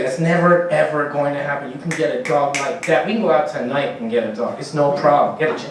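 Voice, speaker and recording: A man with a slightly high voice performs a rambling, profane stand-up set, laughing at his own jokes as he goes. He sounds set back from the mic, with heavy echo from the room. A faint hum of ambience sits underneath. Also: quick pace, far from the mic. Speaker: stand-up comedian.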